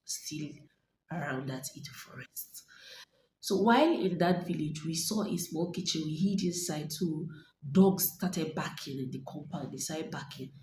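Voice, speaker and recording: A woman's voice: low-pitched, lively intonation, measured pace, a little mellow. A young Nigerian woman vlogger dramatically retelling a story to her viewers, acting out voices and dropping to whispers. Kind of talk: storytelling to camera. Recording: echoey room, faint ambient noise.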